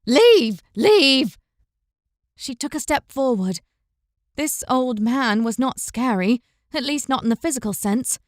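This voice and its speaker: A woman with a high voice reads a fantasy audiobook in a measured, even storytelling manner. The recording is close and dry, with no room sound at all. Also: no echo. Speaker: audiobook narrator. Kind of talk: scripted fantasy audiobook narration.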